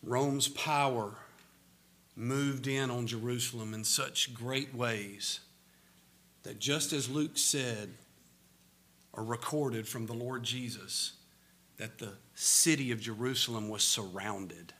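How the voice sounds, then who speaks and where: A man with a Southern American accent preaching a sermon, slow and emphatic, his voice swelling loud on key words. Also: mid-range voice.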